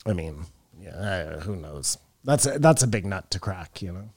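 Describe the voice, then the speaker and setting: A man's voice: deep voice, lively intonation, moderate pace, a little mellow, husky, no room sound, studio quality. Rambling profane podcast co-host man. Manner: rambling, profane, jumps in animatedly. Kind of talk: casual chat.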